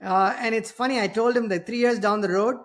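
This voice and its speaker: A man's voice: high-pitched, steady tone, fairly quick, fairly bright tone. Indian accent guy hosting a podcast, chatty, tells stories on himself. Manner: chatty, anecdotal, self-deprecating. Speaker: podcast host. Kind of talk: casual conversation.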